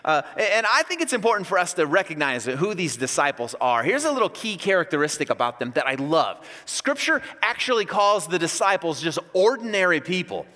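A man in his thirties delivers a sermon in a church hall, telling stories in an animated way and acting out shouts. His voice sits high and sounds bright and forceful. Long reverb from the hall hangs behind him. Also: a little fast, few pauses. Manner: storytelling, animated, acts out yelling. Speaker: pastor.

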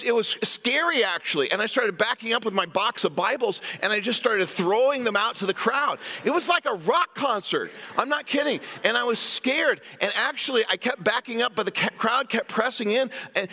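Brief: male pastor, fifties or older, storytelling sermon in a reverberant sanctuary, high voice. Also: moderate pace, hardly any pauses. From Iowa, US. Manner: storytelling preacher, animated asides to the congregation. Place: church sanctuary. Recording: long hall reverb from a church sanctuary.

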